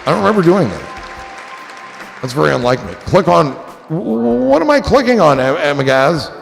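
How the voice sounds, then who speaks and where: Host, male, from New Jersey, gravelly and animated, riffs on chat with music and chatter behind. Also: fairly high pitch, normal speed, in a large hall. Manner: rambling, joking, profane. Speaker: livestream host reading chat. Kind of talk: casual chat.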